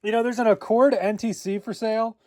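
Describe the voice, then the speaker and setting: A young man doing a casual unboxing vlog, rambling and breaking into excited high exclamations as he goes. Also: brisk. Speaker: RC car vlogger.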